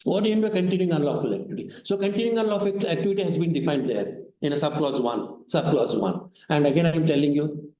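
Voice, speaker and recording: Professor lecturing in an echoey hall. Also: male voice, a little high, dark tone. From India. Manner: repetitive, asks rhetorical questions. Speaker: law professor. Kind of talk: classroom lecture.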